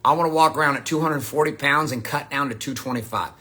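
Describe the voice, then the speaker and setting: Blunt, bright-voiced male motivational speaker. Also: medium pitch, quick pace, husky. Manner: blunt, profane, emphatic. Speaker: motivational coach. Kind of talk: motivational monologue.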